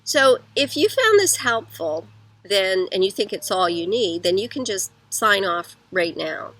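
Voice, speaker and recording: Bright-voiced woman giving parenting advice. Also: mid-range voice, big pitch swings, unhurried, low-quality recording. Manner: conversational, lists points one by one, acts out parents' lines. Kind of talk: instructional talk to parents.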